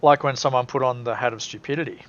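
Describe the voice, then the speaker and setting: A man running a tabletop game, talking casually and explaining the rules for viewers. His voice sits at an ordinary pitch. The recording is dull and lo-fi. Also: fast talker, a loud crowd. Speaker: game master.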